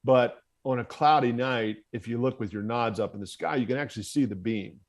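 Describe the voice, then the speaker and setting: A man's voice: mid-range voice, fairly quick. A middle-aged American man, a former Marine officer, telling a story as a podcast guest and acting out the voices he quotes. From United States.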